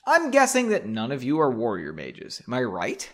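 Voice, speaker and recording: A man's voice: mid-range voice, wildly swooping pitch, moderate pace. Dry, weary young man leader, read by a man.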